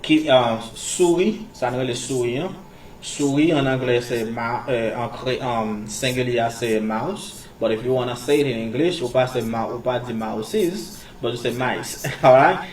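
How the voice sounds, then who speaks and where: A man teaching English in a casual, halting way, with many fillers and repeated words. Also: mid-range voice. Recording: distant mic with faint background noise.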